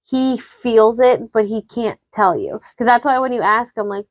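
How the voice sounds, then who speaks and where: Fairly high-voiced woman in casual chat. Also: measured pace, no room sound. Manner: agreeable, explaining, frequent "like" and "yeah". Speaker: podcast co-host.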